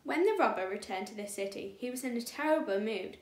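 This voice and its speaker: A woman reading a story aloud for children at a church kids' group, clear and steady. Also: on the high side, brisk. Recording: echoey room.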